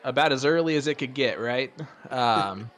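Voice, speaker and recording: A man's voice: mid-range voice, normal speed, a faint crowd. Chatty man calling darts. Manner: chatty, rambling, gets excited on big throws. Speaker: darts commentator. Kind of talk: casual play-by-play commentary.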